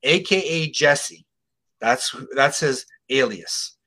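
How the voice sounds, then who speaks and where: The speaker is a middle-aged man whose voice sits on the high side, and he talks slowly. As an interview guest he tells a case story casually and emphatically, animatedly acting out the quotes of others.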